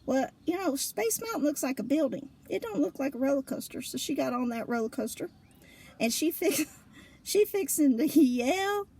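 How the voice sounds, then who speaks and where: High, gravelly woman telling a story. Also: moderate pace, slight background noise. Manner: lively, colloquial, laughing often between lines. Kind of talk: casual spoken storytelling.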